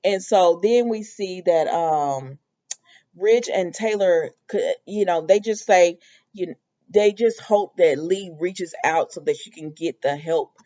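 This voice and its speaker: A woman's voice: on the low side, slow. Chatty woman recapping soap episodes. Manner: chatty and animated, laughs while retelling scenes. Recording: dull lo-fi dry recording.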